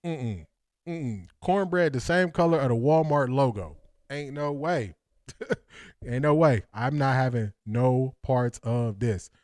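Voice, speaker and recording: A man from Ohio hosts a casual sports talk livestream, reading chat in a slow, mid-range, slightly mellow voice. He jokes with viewers, laughs often and repeats lines for effect, captured in a dry, studio-quality recording.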